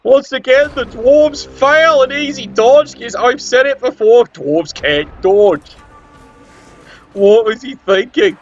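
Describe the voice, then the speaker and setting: A man commentating a game, sarcastic and excitable, swearing often. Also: extremely high pitch, takes it slowly, lo-fi sound. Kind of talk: tabletop video game commentary.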